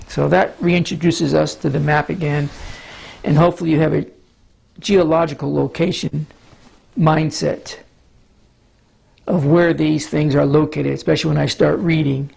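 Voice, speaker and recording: A man's voice: a little high, fairly even intonation, a little mellow. Scratchy-voiced pastor man teaching. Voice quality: scratchy, throat-clearing. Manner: measured Bible teaching with frequent small stumbles. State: hoarse from allergies. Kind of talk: sermon teaching with a map.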